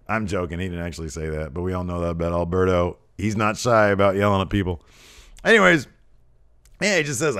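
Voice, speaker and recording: A man's voice: deep voice, expressive, a little fast, a bit bright, clear, resonant tone. Rambling man recapping wrestling. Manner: rambling, lots of ums and asides; mimics wrestlers in raised voices when quoting. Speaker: podcast host reviewing wrestling. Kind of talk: casual recap.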